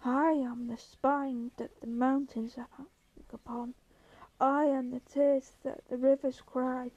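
A vast, ancient tree monster that makes grand and menacing proclamations in a slow, booming voice, as a woman reads him aloud. The voice sits high but stays level in pitch, with a mellow, dark tone, like a storybook giant. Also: level tone, no room sound, lo-fi sound. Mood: roaring.

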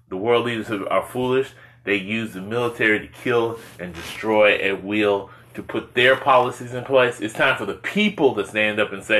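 A man's voice: fairly low pitch, expressive, fairly quick, fairly bright tone, rough recording. A man from the United States giving an impassioned opinion monologue, full of rhetorical questions and repeated words for stress.

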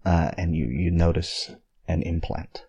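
A man running a tabletop game as game master, narrating in halting bursts with repeated words. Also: sits low, steady tone, creaky, warm tone, slightly rough, muffled recording.

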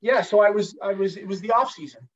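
A former pro hockey goalie telling a long, profane story as a guest in a casual chat, with lots of restarts. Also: male voice, high voice, fast. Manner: profane, rambling anecdotes with many restarts. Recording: dull lo-fi sound.

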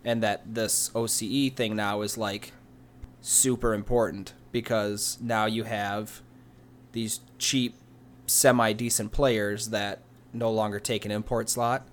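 A man's voice: lowish voice, little pitch movement, slow pace, a little hiss or hum. A man co-hosting a casual esports chat, rambling with many fillers and restarts. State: hiccups. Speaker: podcast co-host.

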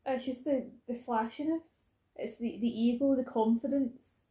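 A woman's voice: fairly high pitch, steady tone, moderate pace, warm tone, reverberant, rough recording. A woman in casual podcast chat who laughs often and acts out quotes.

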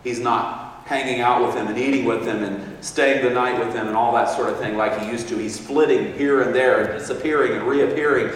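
A man's voice: medium pitch, steady tone, fairly quick, a little hiss or hum. A man preaching a sermon in a church with a fervent, exclaiming delivery, heard from far off in an echoey hall.

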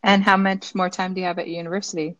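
A woman's voice: lowish voice, little pitch movement, fast, a bit bright, no room sound. A woman chatting casually and asking friendly questions. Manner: friendly, asks many questions. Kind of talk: casual video chat.

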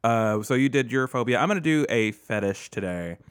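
A man's voice: mid-range voice, a little fast, smooth, no room sound, studio quality. A man hosting a casual podcast, joking, laughing often and mimicking people. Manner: animated, jokey, laughs often, mimics voices. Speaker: podcast host.

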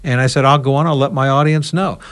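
A talk radio host telling a story on a roundtable podcast and voicing both sides of a conversation. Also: male voice, medium pitch, fairly even intonation, fast talker, a bit bright. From United States.

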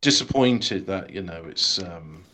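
A man's voice: low-pitched, animated, measured pace, fairly bright tone. A man co-hosting a casual podcast, musing at length with hesitations. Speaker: podcast co-host. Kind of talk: casual chat.

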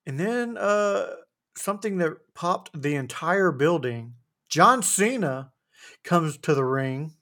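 A man co-hosting a casual wrestling recap podcast, talking in a rambling, animated way with frequent restarts. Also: on the high side, slow pace. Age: adult with a wife. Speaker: podcast co-host.

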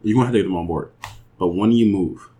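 A man's voice: fairly low pitch, fast talker, mellow. A man hosting a casual podcast chat, teasing his friends and jumping between topics. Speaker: podcast host.

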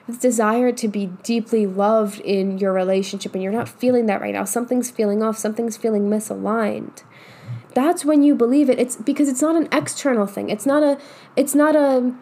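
Casual, profane woman coach with a mellow voice. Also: on the high side. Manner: casual, swears often, emphatic. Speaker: manifestation coach. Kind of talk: motivational monologue.

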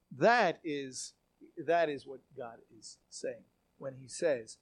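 A Bible teacher giving a sermon-style talk, animated and emphatic, with frequent fillers and restarts, reading scripture aloud with dramatic feeling. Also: medium pitch, takes it slowly, breathy edge, no room sound.

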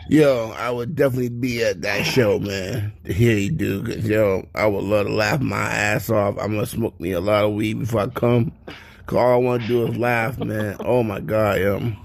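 A man's voice: on the low side, fairly even intonation, normal speed, vocal fry, no echo. A man calling in to a casual live chat, laughing and saying "yo" a lot.

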